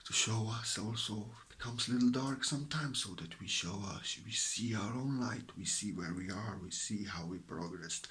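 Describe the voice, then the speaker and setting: A man giving a slow, meditative spiritual talk at home, drifting between soft whispers and a fuller voice, with a mixed accent from living all around the world. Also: lowish voice, slight background noise. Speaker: spiritual teacher. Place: at home beside his stove.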